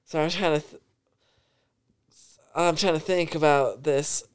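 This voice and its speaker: A man's voice: fairly high pitch, steady tone, a little slow, smooth. A young man in his twenties, a podcast guest telling a rambling story full of swearing and laughter. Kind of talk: casual storytelling.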